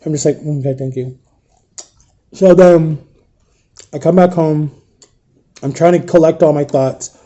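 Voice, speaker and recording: Man, grieving, subdued, halting storyteller, mellow tone. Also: a little high, steady tone, lo-fi sound. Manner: halting, repetitive retelling. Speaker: vlogger. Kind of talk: emotional storytime.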